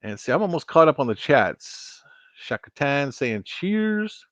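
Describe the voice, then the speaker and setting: A man's voice: on the high side, sing-song, a little slow, fairly bright tone, no echo. A man chatting casually with viewers while hosting a live stream, rambling and restarting his sentences. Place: home studio at a computer.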